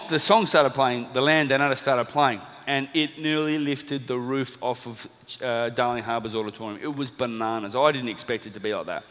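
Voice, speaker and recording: An Australian man in his thirties tells a story from the stage at a seminar. He speaks quickly and acts out the voices of the people in his story. His voice rings out with the long reverb of a large hall. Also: mid-range voice. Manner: animated storyteller, acts out quotes. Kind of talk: storytelling talk to a live audience.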